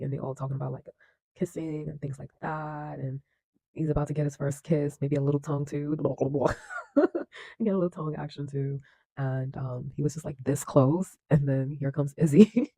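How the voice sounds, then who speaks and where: In a rough, echo-free recording, a man with a mellow, mid-range voice, vocal fry and some breathiness gives casual film reaction commentary. He's effusive, slangy and enthusiastic, laughing a lot and restarting sentences with plenty of fillers.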